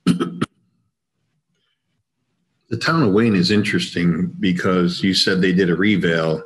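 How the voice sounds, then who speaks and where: Man, very low pitch, meeting discussion, pointed, skeptical. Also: a little slow. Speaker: board member questioning figures.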